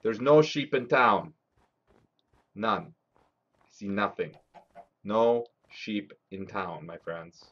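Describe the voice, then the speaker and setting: A man's voice: fairly low pitch, lively intonation, slow, pauses often, a bit bright. Swearing, frustrated gaming streamer man. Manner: frustrated, swearing, talks to chat. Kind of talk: live game commentary. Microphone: desk mic. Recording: slightly dull lo-fi stream audio.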